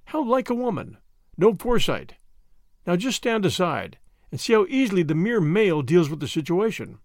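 A brisk, self-satisfied young detective, played by a male reader. He speaks with cheerful confidence and a lively, moving pitch, recorded close and dry. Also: no room sound.

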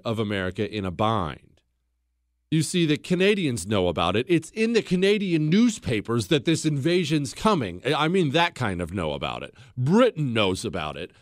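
A man's voice: mid-range voice, no room sound, studio quality. A man hosting a talk show, giving an emphatic, blunt history monologue and repeating phrases for stress.

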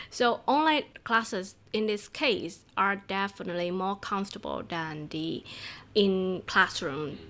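A woman's voice: mid-range voice, a bit bright. A woman from Vietnam who teaches Vietnamese, speaking English with a Vietnamese accent as a native Vietnamese speaker. She talks in a chatty way, laughs often and restarts phrases as a podcast guest. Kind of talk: conversational podcast interview.

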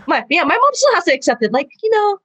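A young jiu-jitsu fighter chats casually and tells stories, acting out her mother's voice and laughing often. Her high, sharp voice races along with big pitch swings, and there's no room sound.

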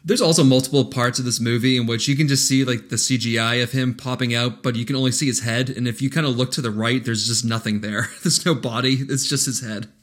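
A man's voice: mid-range voice, steady tone, fast, hardly any pauses, a bit bright. A man co-hosting a casual podcast, recapping a movie plot with sardonic, profane asides. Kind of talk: casual chat.

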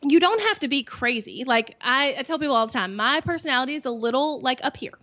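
A woman's voice: animated, fast, fairly bright tone, dry recording, dull audio. A woman guest on an interview, talking casually and in a bubbly, over-the-top way about making videos. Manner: bubbly, over-the-top, acts out quotes in high voices. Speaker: guest, YouTube coach.

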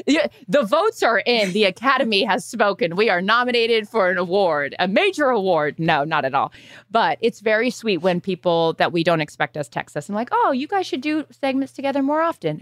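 A woman co-hosting a podcast in a bubbly, chatty way, full of quick asides. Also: medium pitch, lively intonation, fairly bright tone, no echo, studio quality. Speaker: podcast co-host. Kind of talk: casual chat.

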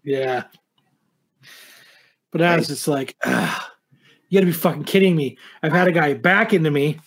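A man's voice: fairly high pitch, normal speed, husky. A man telling a story in casual chat, swearing often and acting out the people in it. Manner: profane, animated anecdote telling.

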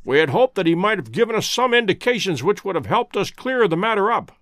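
A man voicing a keen, brilliant male detective who reasons aloud in brisk steps. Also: high-pitched, very animated, a bit bright, no echo, clean studio sound. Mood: eager.

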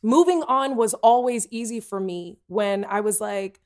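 A woman talking candidly in a casual conversation, animated and given to playful put-on voices. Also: mid-range voice, unhurried.

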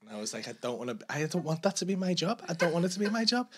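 A man's voice: a little high, big pitch swings, very fast, a bit bright, husky. Man telling a story. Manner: swearing, storytelling with quoted dialogue. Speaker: podcast co-host. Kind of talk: casual banter.

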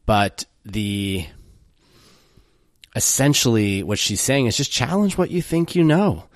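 A man's voice: mid-range voice, very animated, slow, dry recording, clean studio sound. A man hosting a podcast, talking through ideas in a loose, reflective way and correcting himself as he goes. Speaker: podcast host. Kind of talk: casual solo podcast commentary.

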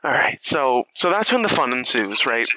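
A man co-hosting a podcast, recapping a movie in crude, laughing, animated casual chat. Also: medium pitch, moderate pace, no echo, muffled recording. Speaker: podcast co-host.

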